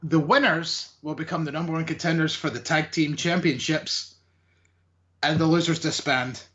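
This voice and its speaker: On a wrestling podcast, this co-host rambles through match recaps in a hesitant, casual way, filling gaps with lots of fillers. His voice is fairly high and steady, at a normal speed, pushed and bright, though the recording is dull.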